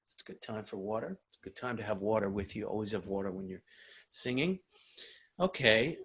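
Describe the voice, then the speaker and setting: A man leading a singing warm-up as a vocal coach, calm and encouraging. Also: mid-range voice, slight background noise.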